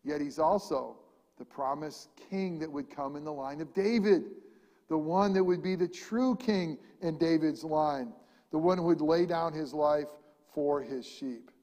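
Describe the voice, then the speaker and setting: A man preaching a sermon, animated, swinging between loud emphatic lines and quiet ones. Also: fairly high pitch, in a large hall. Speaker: pastor.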